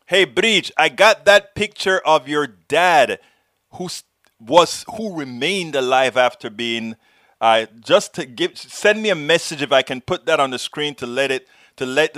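A man with a Texan accent hosting a live political talk show, greeting viewers and lecturing them in an animated, folksy, jokey way. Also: fairly high pitch, dry recording, studio quality. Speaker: host.

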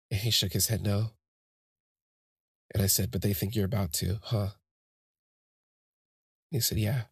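Man, podcast storyteller, low husky voice, gravelly, dry close recording, rambling, heartfelt. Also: steady tone, normal speed, long pauses, no room sound. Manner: rambling and heartfelt, many fillers and restarts. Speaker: podcast host telling a personal story. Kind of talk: casual spoken storytelling.

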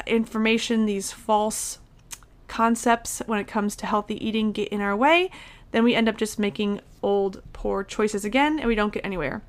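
A young woman speaking as a nutrition coach, talking candidly and emphatically in a casual motivational style. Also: medium pitch. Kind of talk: motivational talk to camera or podcast.

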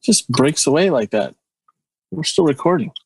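A man's voice: on the high side, lively intonation, moderate pace, vocal fry, a little mellow, slightly rough, no echo. A man hosting a podcast, joking around and laughing a lot. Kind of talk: casual podcast chat.

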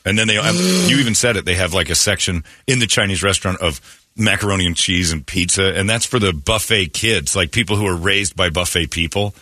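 A man hosting a morning radio show, telling stories in animated, joking banter with his co-hosts. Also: low voice, a little fast, dry recording, studio quality. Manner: animated storytelling, frequent laughter. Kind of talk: casual banter.

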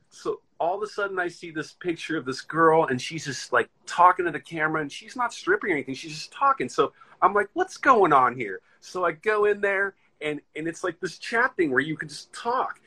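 A man's voice: a little high, lively intonation, normal speed, bright, forceful tone, husky, poor audio. An American man hosting a casual chat, telling a rambling story and acting out the voices of the people in it. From United States.

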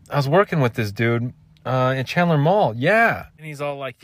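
A man's voice: medium pitch, lively intonation, normal speed, no room sound. A man in his thirties hosting a solo podcast, telling a rambling, self-mocking story with casual swearing. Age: 30s. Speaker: podcast host.

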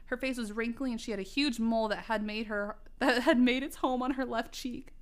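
Woman reading old fiction aloud for laughs, smooth and highish voice, jokey asides. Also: steady tone, fairly quick. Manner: laughing, self-mocking asides. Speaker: reader.

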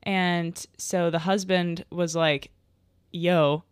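A woman's voice: sits low, steady tone, moderate pace, smooth, dry recording, clean studio sound. A young adult woman hosting a podcast alone, telling stories in a rambling, casual way, full of fillers and frequent laughs. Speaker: podcast host. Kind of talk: casual solo podcast chat.

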